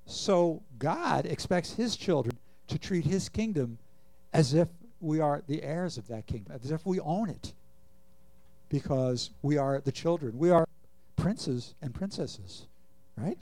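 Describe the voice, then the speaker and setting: A man's voice: a little high, animated, a little slow, mellow, no echo. A man preaching a sermon, earnestly reading scripture and asking the congregation questions. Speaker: pastor.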